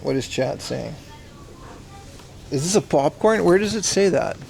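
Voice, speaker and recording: Gravelly-voiced man chatting on a stream. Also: fairly high pitch, animated, a little slow, a little mellow, a little hiss or hum. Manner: chatty, slangy, talks to chat while browsing. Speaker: livestreamer. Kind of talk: casual IRL livestream chat. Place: secondhand shop in Japan.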